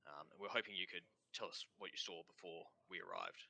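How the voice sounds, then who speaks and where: A man's voice: low voice, huge pitch swings, creaky, sharp tone, full character voice. A man playing a polite Aussie soldier. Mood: calm. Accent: Australian. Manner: polite, halting, many fillers. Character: courteous adult male soldier, friendly. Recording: dull remote-call sound.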